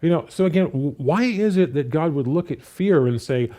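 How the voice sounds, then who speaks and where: A man preaching a sermon in an easygoing, conversational manner, full of restarts and "you know" fillers. His voice is mellow and warm, and his pitch rises and falls a lot as he reads scripture and acts out the speakers in it. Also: normal speed. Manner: reads scripture aloud and paraphrases it with animated voices.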